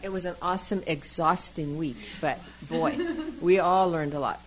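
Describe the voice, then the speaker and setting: A woman guest on a radio interview, speaking quickly and reflectively. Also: lowish voice, slight background noise, low-quality recording.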